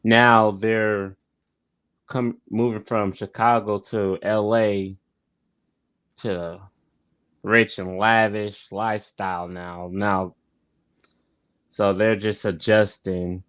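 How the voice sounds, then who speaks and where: A man's voice: lowish voice, level tone, fairly bright tone, smooth, no room sound. A man hosting a casual review vlog, talking straight to the camera and often repeating his phrases. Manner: unhurried, repeats phrases, frequent "like". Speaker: YouTube show host reviewing a sitcom.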